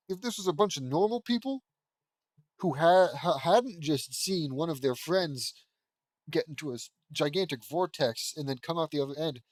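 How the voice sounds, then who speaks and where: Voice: mid-range voice, dry recording. Sarcastic reader laughing through a fan fiction. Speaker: host reading fan fiction. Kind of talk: comedic reading with commentary.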